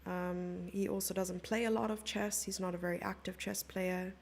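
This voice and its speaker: Chatty woman streamer, gravelly. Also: lowish voice, little pitch movement, moderate pace, slight background noise. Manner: chatty, playful, reads out and answers chat. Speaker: chess commentator and streamer. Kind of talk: live stream commentary, chatting with viewers.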